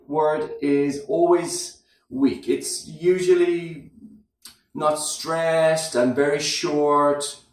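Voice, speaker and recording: A fairly high-voiced man teaches pronunciation at a slow, careful pace, repeating each phrase so learners can copy it. His voice rings through a very echoey room, and the mic sits some distance away. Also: fairly even intonation. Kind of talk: slow, drilled pronunciation lesson.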